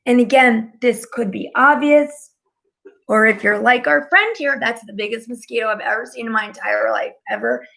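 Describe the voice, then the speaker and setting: Woman, spiritual channeler, rambling live talk, slightly high voice, vocal fry. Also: moderate pace, fairly bright tone. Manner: chatty and rambling, heavy use of "like". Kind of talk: casual live-stream talk.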